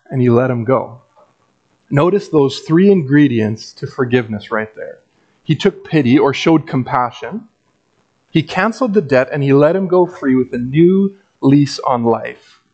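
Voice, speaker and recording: A man's voice: fairly high pitch, a little mellow, dull audio. A man preaching a sermon as a pastor in a conversational, wry way with dry asides.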